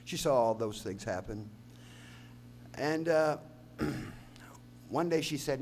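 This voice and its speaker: A man's voice: medium pitch, animated, takes it slowly, gravelly, long pauses, darkish tone, a little hiss or hum. A singer-songwriter man telling a long folksy story on a concert stage, rambling and stopping to correct himself. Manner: rambling, folksy, self-interrupting. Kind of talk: live on-stage storytelling between songs.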